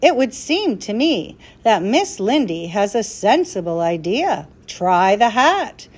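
Cool-headed wise helper guy, calm and coaxing, slow and lilting, as a lady reads him. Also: medium pitch, husky, full character voice. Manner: calm, gently persuasive.

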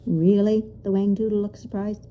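A woman narrating a children's storybook aloud in an expressive, unhurried way. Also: mid-range voice, a little hiss or hum, low-quality recording.

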